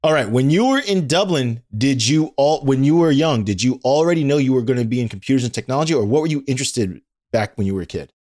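A man hosting a podcast interview, energetic and enthusiastic, peppering his talk with "like". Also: medium pitch, fast, hardly any pauses. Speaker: podcast host.

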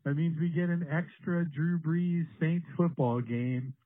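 A man's voice: fairly high pitch, measured pace, no echo. A man leaving an upbeat voicemail as a sports fan. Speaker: voicemail caller. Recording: tinny phone line.

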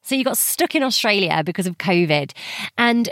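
A woman's voice: mid-range voice, expressive, normal speed, a bit bright, no echo, studio quality. A woman interviewing a guest, asking friendly, curious questions and laughing along.

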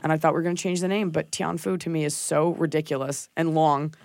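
Gravelly-voiced woman, blunt and profane. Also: deep voice, fast, no room sound. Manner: blunt, profane, animated storytelling. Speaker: comedian and podcast co-host. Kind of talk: casual chat.

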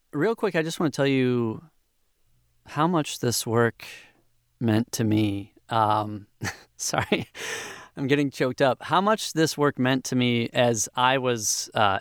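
A man playing an earnest, touchy actor at an audition in an improvised comedy scene, gushing and quick to turn belligerent. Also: medium pitch, a bit bright, smooth, dry recording, clean studio sound, lightly acted. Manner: gushing, then suddenly belligerent.

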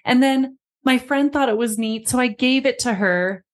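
A woman's voice: sits high, normal speed, voice pushed up, close to an everyday voice. A woman voicing an upset six-year-old girl who pleads through tears. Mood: tearful.

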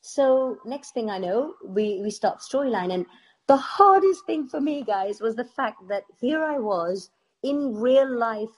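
A middle-aged British woman, an actress, telling stories in a casual interview with lively laughter. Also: a little high, unhurried. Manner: animated storytelling with laughs. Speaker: actress guest.

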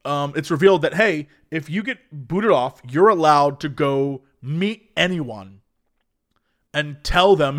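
A man's voice: fairly high pitch, a little slow. A man in casual chat, telling a story with lots of animation and acting out quotes.

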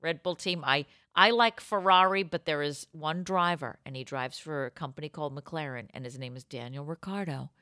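A woman co-hosting a podcast, telling stories in an excitable, goofy, casual chat. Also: low-pitched, moderate pace, hardly any pauses, no room sound. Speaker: podcast co-host.

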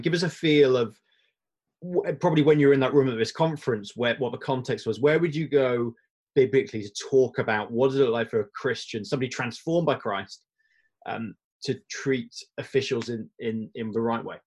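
Man hosting a podcast, mid-pitched. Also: normal speed, darkish tone, breathy edge. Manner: encouraging, asks guests questions. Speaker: podcast host.

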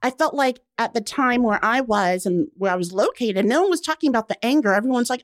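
A woman being interviewed, telling her story in an animated, laughing way and acting out what people said to her. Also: on the high side, quick pace, few pauses, dry recording, clean studio sound. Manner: animated, laughs often, acts out quotes. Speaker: guest. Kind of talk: casual interview chat.

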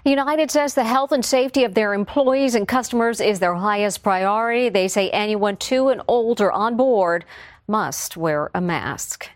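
A woman news reporter reading scripted news in a measured tone. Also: mid-range voice, dry recording.

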